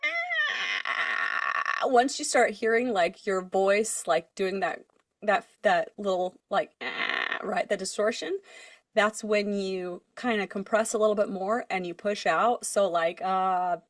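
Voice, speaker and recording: A young woman chats on a podcast as a co-host and singer, telling a story with animated acted-out quotes and quick laughs. Her voice sits at a middle pitch. The sound is dry and close, with no room around it. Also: no echo. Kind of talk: casual chat.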